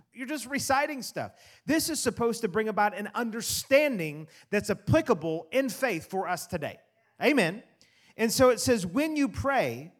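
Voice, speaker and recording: A man preaching a sermon in an animated way, swinging from loud emphasis to quiet asides. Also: sits high. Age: adult parent. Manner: animated preaching, rising and dropping to soft asides. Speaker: pastor.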